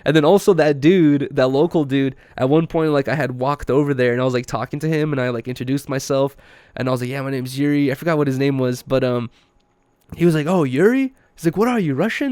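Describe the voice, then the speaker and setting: A man's voice: mid-range voice, fairly even intonation, fast, darkish tone, clear, resonant tone, dry recording, studio quality. A young man hosting a podcast, telling a story in a laid-back, slangy way with lots of fillers. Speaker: podcast host. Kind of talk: casual chat.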